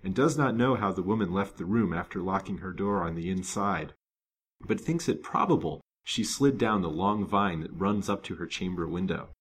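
A man's voice: low-pitched, normal speed, slight background noise, natural voice. A man reading the lines of a frail, grateful young woman in a storybook, in an earnest, emotional tone.

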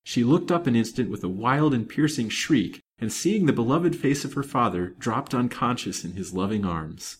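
A man narrating a serialized old novel in a measured, dramatic reading. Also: medium pitch, lively intonation. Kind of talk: scripted audiobook narration.

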